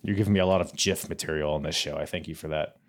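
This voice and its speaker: A man's voice: rumbling low, steady tone, very fast. A man hosting a casual wrestling podcast, talking in laid-back banter and laughing often. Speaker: podcast host.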